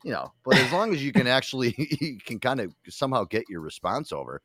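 A man's voice: mid-range voice, very animated, fairly quick, a bit bright, no room sound. A man hosting a podcast in casual, profane chat, ranting and mocking with plenty of swearing. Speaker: podcast host.

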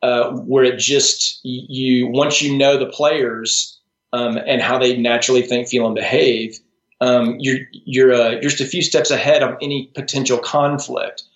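A strengths coach joins a podcast interview as a guest, his medium-pitched voice level in tone and a little slow. He's thoughtful and casual, frequently restarting sentences and adding asides. The recording sounds roomy, dull, and lo-fi.

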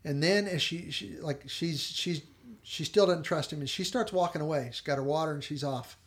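A man co-hosting a podcast casually retells a TV episode like an earnest storyteller, softly quoting its dialogue. His voice sits on the high side and moves at a moderate pace.

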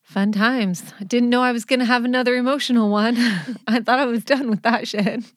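A woman's voice: fairly high pitch, fairly even intonation, moderate pace, dry recording, studio quality. A woman in her forties, a mother co-hosting a podcast from home, telling stories bluntly and laughing often. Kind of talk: casual chat.

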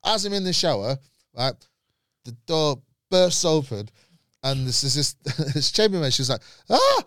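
A man, a comedian, telling a road story in casual chat, animated and swearing freely, shrieking when he quotes himself. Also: medium pitch, normal speed, dry recording, clean studio sound.

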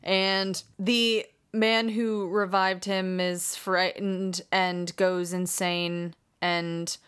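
A woman's voice: on the low side, drawn-out words, clean tone. A woman co-hosting a film podcast, chatting casually and animatedly, laughing often. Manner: animated, laughs often, does mock voices. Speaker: podcast co-host. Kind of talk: casual chat about films.

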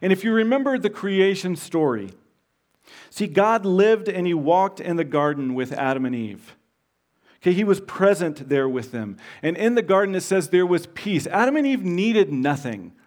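A man's voice: high voice, lively intonation, normal speed, a little mellow. A man in his thirties from Texas preaching a sermon. He speaks informally, tells stories and uses many fillers and restarts. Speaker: visiting preacher.

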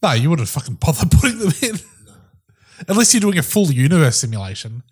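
Australian man, husky voice, sweary, joking podcast co-host. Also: fairly high pitch, sing-song, fairly quick. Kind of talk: casual conspiracy chat.

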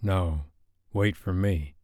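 Commanding grown man, low and coaxing, voiced by the narrator. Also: slow pace, darkish tone, dry recording, clean studio sound.

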